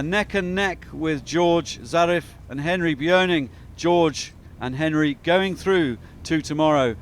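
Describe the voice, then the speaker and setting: A man's voice: a little high, a little hiss or hum. A man giving chatty, upbeat live commentary on a sailing race, with frequent fillers.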